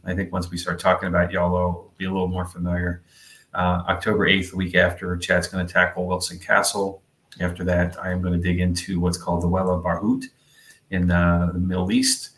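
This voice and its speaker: A male podcast co-host with a low-pitched, slightly bright voice wanders through a chatty, meandering conversation packed with fillers. The sound is roomy.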